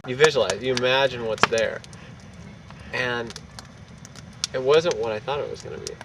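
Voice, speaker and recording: A man telling a casual anecdote in an animated, profane way, acting out what people said. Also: mid-range voice, moderate pace. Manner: animated, profane, acts out quotes. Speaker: storyteller. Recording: distant mic, loud street and traffic noise.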